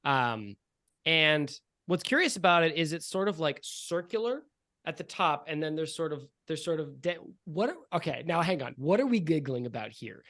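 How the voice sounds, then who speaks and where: A man running a tabletop game as game master, describing scenes with many pauses and restarts. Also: a little high, lively intonation, a bit bright, no echo, studio quality. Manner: rambling, hesitant with ums.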